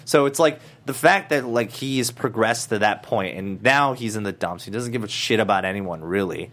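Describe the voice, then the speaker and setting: A man's voice: on the low side, moderate pace, a bit bright. A young man co-hosting a casual review podcast, rambling with plenty of fillers and some playful teasing. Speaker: podcast co-host.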